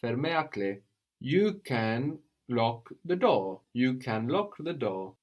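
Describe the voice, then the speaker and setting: A man teaching a language lesson, patient and probing, often checking with a quick "no?". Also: mid-range voice, sing-song, muffled recording. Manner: patient, prompts with questions, tag "no?".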